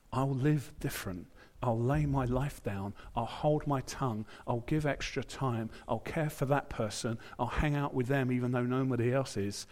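A man's voice: mid-range voice, a little mellow. A British man preaching a sermon in church, in a conversational way, with asides and quotes he acts out. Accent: British English.

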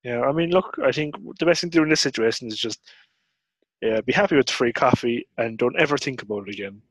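A young man co-hosting a podcast in a calm, measured voice with a dry sense of humour. He sounds close and dry, with no room sound at all. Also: mid-range voice, no room sound, rough recording. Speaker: podcast co-host. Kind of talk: casual podcast chat.

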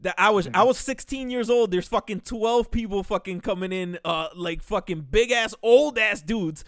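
A young man telling a story on a podcast, animated and profane, acting out the quotes loudly. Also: sits high, normal speed, no room sound, clean studio sound. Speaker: podcast host. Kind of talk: casual storytelling.

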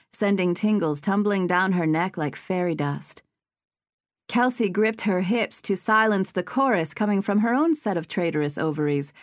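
A woman with a fairly low voice narrates an audiobook in a measured yet expressive storytelling style. The recording is dry and has clean studio sound.

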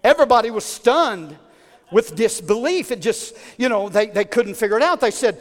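High-voiced preacher telling a story. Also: male voice, big pitch swings, normal speed. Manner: dramatic, building to shouted praise. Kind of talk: sermon storytelling. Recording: long hall reverb.

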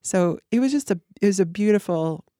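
A woman guest on a podcast, talking earnestly in a reflective conversation with halting restarts. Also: mid-range voice, expressive, mellow, dry recording, clean studio sound. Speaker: podcast guest, eating disorder clinic co-founder.

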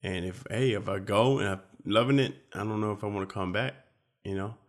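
A young man in casual conversation, rambling and profane, sometimes breaking into loud mock speeches. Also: on the low side, fairly quick. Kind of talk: casual chat.

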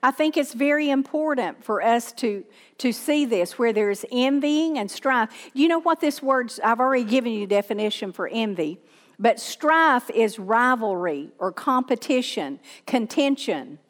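A woman's voice: fairly high pitch, animated, unhurried, in a large hall. A woman pastor with a Southern accent, preaching a sermon with emphatic repetition and questions to the congregation.

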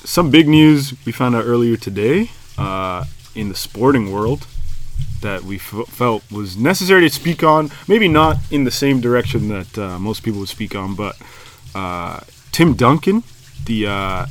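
A man's voice: mid-range voice, moderate pace. A man co-hosting a podcast, chatting casually with many fillers. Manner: relaxed, filler-heavy, easygoing. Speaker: podcast co-host. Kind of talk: casual chat.

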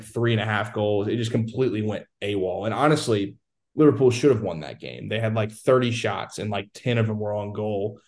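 A man's voice: on the low side, a little mellow. A man on a casual sports chat, confidently breaking down how the league is going. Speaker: soccer analyst guest.

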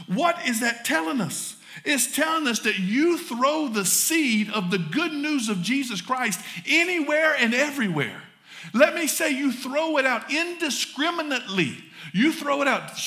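A male pastor with a Southern US accent delivers a folksy sermon to his congregation. His voice sits high and sounds bright and forceful. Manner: folksy, addresses congregation as y'all. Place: church sanctuary.

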